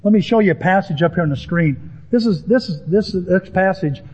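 Emphatic male pastor mid-sermon, fairly high voice, dull recording. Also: fairly quick, slightly rough. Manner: animated, emphatic preaching with rising pitch on key words. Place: church sanctuary with a congregation.

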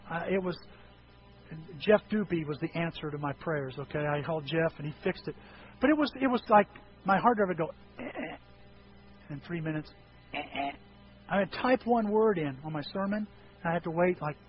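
A man preaching a sermon as pastor, animated, breaking into high yelping voices when he acts out quotes. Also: dull audio.

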